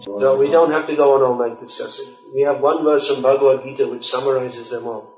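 A man's voice: mid-range voice, fairly even intonation, brisk, soft background music. A man giving a devotional lecture, speaking bluntly and emphatically and reciting verses in Sanskrit. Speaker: spiritual lecturer. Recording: distant, roomy, dull lo-fi lecture recording.

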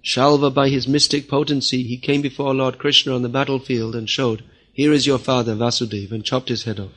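A man giving a spiritual lecture at an ordinary, mid-range pitch. He speaks firmly and scolds his listeners. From time to time he mimics the people he criticizes. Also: steady tone, fairly quick, a bit bright. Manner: firm, scolding, quotes others in mock voices. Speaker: spiritual teacher. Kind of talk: religious lecture.

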